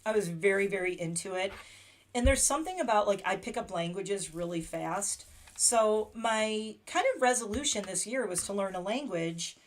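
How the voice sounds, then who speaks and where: A woman in her thirties chats to her viewers on a late-night livestream from home. She is excitable and talkative, laughing often as she goes, in a voice of middle pitch. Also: moderate pace. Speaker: livestream host. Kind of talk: casual livestream chat.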